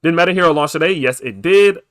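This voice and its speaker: A young man streaming live about crypto, hyped and pushy as he begs viewers for likes and gives shout-outs. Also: a little high, fast. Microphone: desk microphone.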